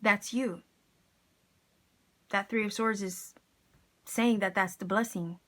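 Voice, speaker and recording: This is a woman giving a casual tarot reading at an everyday, mid-range pitch. She talks straight to her viewers in an enthusiastic, encouraging way and drops in plenty of casual slang. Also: steady tone, slow. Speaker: tarot reader.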